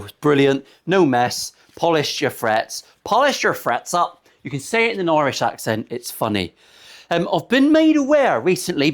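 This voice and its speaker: A man in his forties with a slightly high voice chats his way through a workshop vlog. He rambles off topic and swears freely, telling crude jokes as he works. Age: 40s. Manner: chatty, crude, rambling banter with frequent swearing. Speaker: luthier. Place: indoor guitar workshop.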